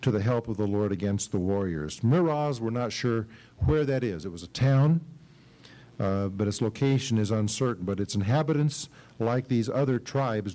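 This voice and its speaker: A man's voice: mid-range voice, mellow, rough recording. A middle-aged male pastor preaching an expository sermon at a church service, reading scripture dramatically and asking his class questions.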